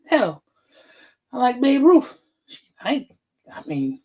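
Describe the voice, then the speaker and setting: A man's voice: extremely high pitch, very animated, unhurried, a little mellow, slightly rough. Fired-up man chatting on a livestream. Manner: greets chatters by name, laughs often, fired up. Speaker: livestream host. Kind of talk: casual livestream chat.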